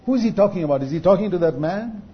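A man preaching a sermon, building to loud, drawn-out emphasis at key points. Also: high-pitched, animated. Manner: rises to loud, drawn-out emphasis on quoted rebukes. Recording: dull lo-fi recording.

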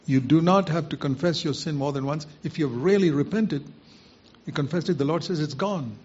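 A man's voice: fairly high pitch, fairly quick, darkish tone, breathy edge. A man preaching a sermon, earnestly putting rhetorical questions to his listeners. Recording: muffled lo-fi recording.

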